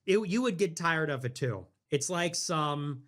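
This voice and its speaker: A young man hosting a livestream, ranting casually in a sarcastic, mocking, profane way, jumping between squeaky mock voices and low mutters. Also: animated, measured pace, a bit bright. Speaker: livestream host.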